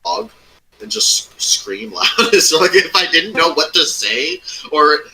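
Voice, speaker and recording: A man's voice: on the high side, slow pace, bright, forceful tone, slight background noise, low-quality recording. A man in casual chat, rambling through an old tabletop game story and swearing often. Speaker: former game master recounting a campaign.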